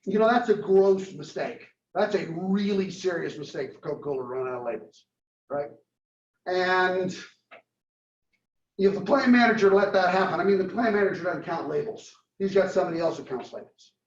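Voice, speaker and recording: A man lecturing a marketing class, telling a story and acting out its dialogue in a lively way. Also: high voice, normal speed. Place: lecture room. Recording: roomy, distant, dull classroom recording.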